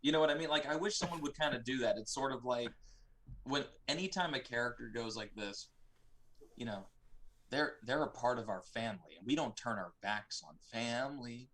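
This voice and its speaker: A man in mid-range pitch rants through a casual review chat. He swears freely and leans hard on sarcasm. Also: a little fast, a bit bright, slight background noise. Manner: ranting, profane, sarcastic. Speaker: co-host.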